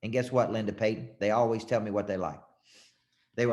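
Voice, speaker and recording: A man's voice: lowish voice, fast, a little mellow. Folksy sales coach, man. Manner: folksy, emphatic, role-plays sales scripts with shifting voice tone. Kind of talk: coaching talk to a live audience.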